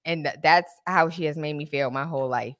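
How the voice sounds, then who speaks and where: A woman hosting a show, chatting casually and telling animated stories full of slang. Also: low-pitched, brisk. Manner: animated storytelling, lots of laughter and slang. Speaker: host. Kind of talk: casual chat.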